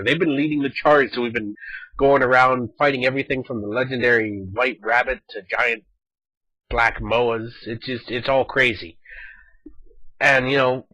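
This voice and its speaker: A man chatting casually over his gameplay footage, animated and talkative, acting out quoted lines as he goes. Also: medium pitch, no room sound, rough recording. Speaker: gaming video host.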